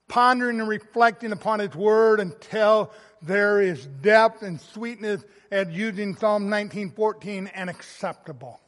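A man preaching a sermon as a pastor, slow and emphatic, swelling loud and then dropping soft. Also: sits high, big-room sound.

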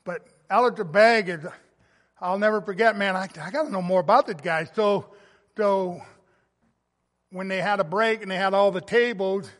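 A man preaching a sermon as a pastor, slow and emphatic, swelling loud and then dropping soft. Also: high voice, long reverb tail.

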